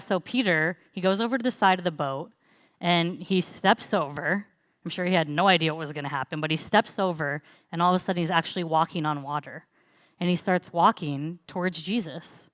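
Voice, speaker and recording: A young woman talks through a church message in a loose, chatty way, as if telling friends a story. Her voice sits a little low and comes through smooth and resonant. The sound is dry and close. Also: no room sound. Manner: chatty, relaxed storytelling with laughs and fillers. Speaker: church speaker. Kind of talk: casual sermon talk.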